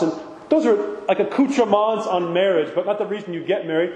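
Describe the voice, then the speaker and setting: A man's voice: high-pitched, a little fast, darkish tone, slight background noise. A man, an Orthodox priest, giving an informal sermon talk, conversational and full of rhetorical asides. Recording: echoey hall with long reverb.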